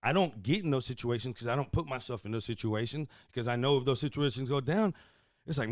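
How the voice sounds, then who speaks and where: A man from Houston, hosting a podcast and telling a profane story in casual chat, swinging from loud bursts to hushed asides. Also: medium pitch, fast, no echo, studio quality. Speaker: podcast host.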